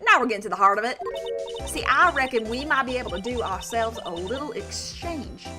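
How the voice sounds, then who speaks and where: A woman's voice: fairly high pitch, lively intonation, a little fast, lightly acted. A woman voicing a scheming Southern woman photographer in a video game, with a put-on Southern drawl and folksy, dealmaking talk. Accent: put-on American Southern. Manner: folksy drawl, wheeling and dealing. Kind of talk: reading a video game aloud. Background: game music.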